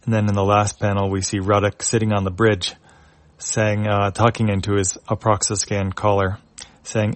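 Low-voiced man reading a comic aloud. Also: little pitch movement, dry recording. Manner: halting, with many fillers. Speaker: reader of a webcomic. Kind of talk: casual comic read-aloud.

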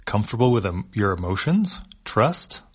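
A man's voice: on the low side, very animated, normal speed, breathy edge. A man voicing a horned alien in a read-aloud comic, asking prying, incredulous questions. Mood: teasing.

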